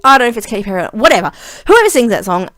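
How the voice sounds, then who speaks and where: A young woman telling a funny story to camera in a chatty, giggly way, with lots of fillers and lively retellings of a conversation. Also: on the high side, rapid-fire, no echo. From Australia. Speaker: vlogger. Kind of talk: casual storytelling vlog.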